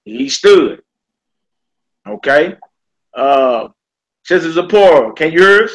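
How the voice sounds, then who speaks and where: A man's voice: a little high, expressive, takes it slowly, dull audio. A man teaching a casual Hebrew vocabulary class. He often checks in with "all right?" and repeats each word.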